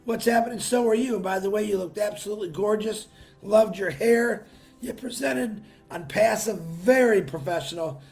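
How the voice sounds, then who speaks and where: A man's voice: high voice, moderate pace, gravelly, a little mellow, faint music behind. A man hosting a live stream, chatting casually and greeting viewers by name with upbeat bursts, his voice worn from a long weekend. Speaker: livestream host.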